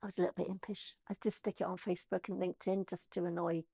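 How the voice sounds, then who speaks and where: A middle-aged woman, an estate agent telling her story in an interview, chatty and animated. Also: fairly low pitch, fast talker, creaky, slightly rough, no room sound, clean studio sound. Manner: chatty, animated, acts out quoted voices.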